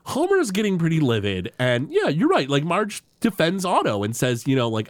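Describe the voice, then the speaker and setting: Animated man retelling cartoon scenes. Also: moderate pace, hardly any pauses, no echo. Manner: animated, lots of "like" and "you know", jumps pitch for quoted lines. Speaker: podcast co-host recapping a cartoon episode. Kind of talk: casual chat, retelling scenes with quick impressions.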